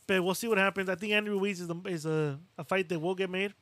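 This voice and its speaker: A man with a notably high voice holds forth in casual podcast banter, lively and blunt, with plenty of swearing. His voice is recorded close and dry, with no room sound around it. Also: quick pace, dry recording. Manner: animated, acts out fighters' quotes, swears freely. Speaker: boxing podcast co-host. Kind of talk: casual chat.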